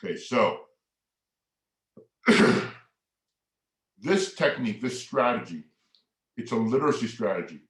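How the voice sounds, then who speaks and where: Expressive man reading and teaching, echoey room. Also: mid-range voice. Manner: expressive, sweeping changes in volume and inflection when reading; enthusiastic, explaining conversationally. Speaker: workshop presenter. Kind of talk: family workshop talk with dramatic poetry reading.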